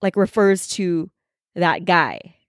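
A woman's voice: fairly low pitch, big pitch swings, slow, no echo, studio quality. A woman co-host in casual chat, rambling and playful, full of filler words and restarts. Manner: playful, guesses freely.

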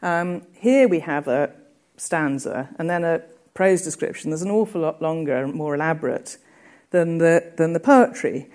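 A woman lecturing on poetry in a low, mellow voice. She explains at a measured pace, with the odd hesitation, and reads verse aloud with care. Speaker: literature lecturer. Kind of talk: academic lecture.

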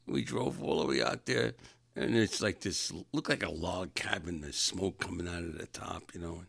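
A man's voice: low-pitched, measured pace, creaky, fairly bright tone. A man casually telling rambling personal anecdotes, often correcting himself mid-sentence. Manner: rambling, self-correcting, chuckling. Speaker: storyteller.

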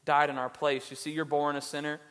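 A male pastor delivering a sermon, impassioned at times and dropping low and soft for emphasis. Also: little pitch movement, a little fast, clean tone. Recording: church hall with long reverb.

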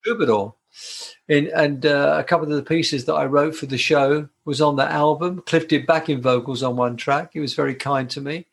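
An older man from the United Kingdom tells stories about his career as a guitarist. His voice sits slightly high for a man, and he talks in a warm, rambling way, often stopping to restart a sentence. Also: fairly even intonation, normal speed, creaky, slight background noise. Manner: warm, chatty, with frequent restarts. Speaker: guitarist and performer, interview guest. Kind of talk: casual anecdotal storytelling.

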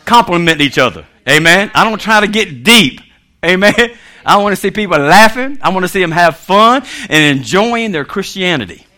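A man preaching a lighthearted sermon, his voice sitting high and swinging widely up and down. He laughs often and breaks into voices for the people in his stories, punctuating it all with amen and come on. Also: lively intonation, moderate pace, bright, forceful tone. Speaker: minister. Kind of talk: humorous preaching.

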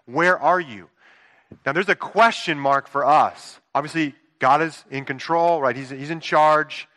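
A man in his thirties delivers a sermon in an earnest, conversational way, often checking in with his listeners. His voice sits a little high for a man and sounds bright and forceful. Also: normal speed. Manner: earnest, conversational preaching with rhetorical asides. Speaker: pastor.

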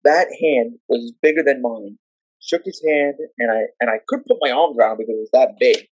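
A man on a podcast telling memories in a lively way, acting out the people he quotes. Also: medium pitch, breathy edge, no room sound, low-quality recording. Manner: animated, acts out the people he quotes; rapid run-on retelling of wrestling memories. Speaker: podcast guest and storyteller. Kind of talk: casual podcast storytelling.

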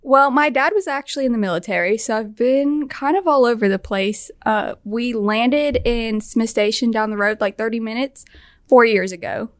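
A woman's voice: on the high side, no echo, clean studio sound. Friendly young woman, podcast guest. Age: young adult. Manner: friendly, chatty, quick to laugh. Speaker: student guest. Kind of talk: podcast interview answers.

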